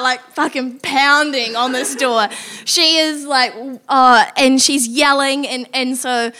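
Woman storyteller at a live show; high, bright, animated. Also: slight background noise. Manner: animated, acts out her own and others' lines.

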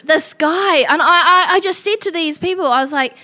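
A woman's voice: very high voice, normal speed, noisy background. A woman telling a funny story on stage at a live event, acting out the lines of the people in it. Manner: animated, acts out her own and others' lines.

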